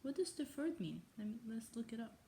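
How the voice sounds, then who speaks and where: A woman's voice: on the high side, very animated, fairly quick, warm tone, a little hiss or hum. A woman reading a novel aloud in a put-on English accent, often stumbling over words and breaking off for self-mocking asides. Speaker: reader. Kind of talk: casual read-aloud of a novel.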